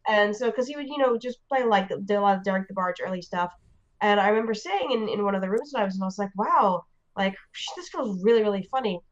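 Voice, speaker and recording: A woman from the United States telling a story in a casual, animated way, full of fillers and restarts. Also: mid-range voice, racing, lo-fi sound. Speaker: interview guest.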